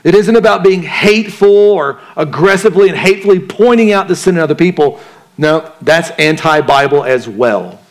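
His voice a little high and expressive, a male pastor preaches at a moderate pace. The sermon feels like a conversation, with questions for the congregation and acted-out inner voices.

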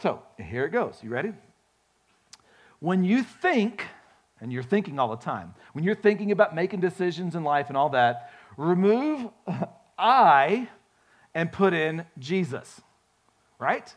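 A male pastor preaching a sermon, folksy and animated, telling stories with frequent restarts. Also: on the high side, normal speed. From grew up on a farm.

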